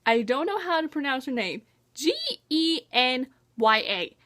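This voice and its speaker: High-voiced, gushing young woman. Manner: gushing, excitable, gasps and quick pitch jumps. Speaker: book vlogger. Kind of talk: casual book review chat.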